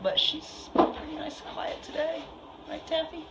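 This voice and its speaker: A woman's voice: high-pitched, a little slow, gravelly, reverberant. A middle-aged woman chatting cheerfully about shelter cats during a casual live video tour. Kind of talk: casual live-stream chat. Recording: phone video with loud background noise.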